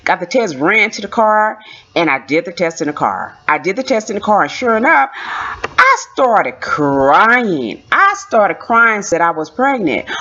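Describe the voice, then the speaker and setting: Animated woman telling a story. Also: mid-range voice, unhurried. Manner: animated, repeats phrases, laughs often. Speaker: vlogger telling a personal story. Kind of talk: casual storytelling. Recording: dull lo-fi recording.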